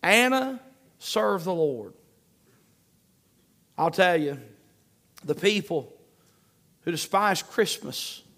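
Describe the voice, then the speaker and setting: A man with a high voice preaches a sermon, driving home each point through repetition. His delivery is emphatic and steady, with scripture read aloud between points. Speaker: pastor.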